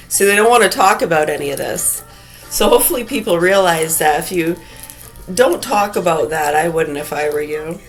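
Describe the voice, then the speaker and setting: A woman with a fairly low voice unloads a furious, profanity-laced rant to camera. She drops into bitter mutters, then bursts out shouting. Faint music plays under her. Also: rough recording. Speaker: mother ranting to camera. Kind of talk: angry profane rant vlog.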